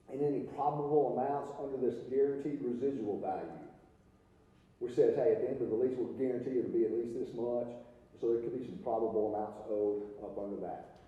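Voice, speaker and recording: Man, folksy lecturer, dark tone, echoey distant room recording. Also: mid-range voice. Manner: conversational, folksy, asks rhetorical questions. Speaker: accounting seminar presenter. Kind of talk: continuing education lecture. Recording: roomy hall from far off, dull.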